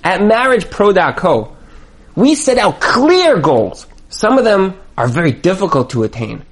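Male marriage coach, preacher-like and repetitive, with a voice that swings widely in pitch. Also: sing-song, measured pace, husky. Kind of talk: motivational talk.

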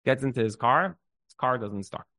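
A man's voice: medium pitch, moderate pace, no room sound. Dry, close-miked man telling a story. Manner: animated storyteller, restarts and repeats words. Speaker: speaker giving a Jewish inspirational talk. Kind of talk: inspirational talk with storytelling.

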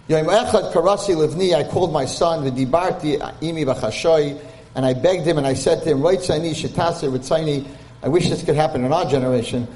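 A man's voice: on the high side, darkish tone. A man giving a Torah class, telling a story and translating Hebrew text line by line. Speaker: Torah lecturer.

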